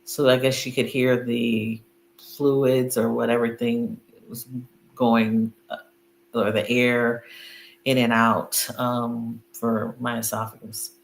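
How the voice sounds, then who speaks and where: A woman's voice: extremely low pitch, flat delivery, takes it slowly, gravelly. A middle-aged woman chatting casually on a video call, telling a story with lots of fillers and laughter. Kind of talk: casual chat. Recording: echoey room with faint hum.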